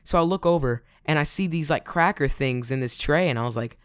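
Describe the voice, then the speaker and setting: A man's voice: on the high side, brisk, smooth, dry recording, clean studio sound. A man telling a casual storytime in a rambling way, full of fillers. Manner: rambling, filler-heavy, "like" every few words. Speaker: vlogger.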